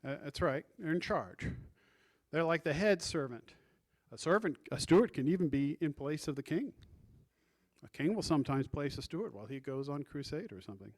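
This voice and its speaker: A man preaching a sermon as pastor, reading scripture aloud and guiding the congregation through the text. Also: on the high side. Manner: teaching, reads scripture aloud and directs the congregation.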